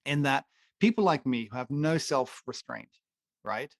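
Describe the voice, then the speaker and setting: A man's voice: medium pitch, animated, unhurried, no echo, studio quality. A man co-hosting a casual talk show, ranting emphatically and joking as he makes his case. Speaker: podcast co-host. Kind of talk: opinionated casual chat.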